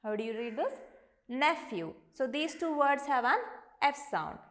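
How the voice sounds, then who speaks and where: A woman teacher with an Indian English accent, giving an online lesson and sounding out each word slowly and deliberately. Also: high-pitched. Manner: slow, deliberate, models each word aloud.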